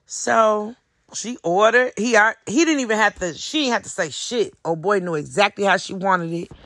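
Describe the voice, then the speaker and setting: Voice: medium pitch, dry recording, studio quality. A podcast host telling a story in a casual monologue, swearing freely and acting out the quotes. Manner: profane, animated, lots of acted quotes.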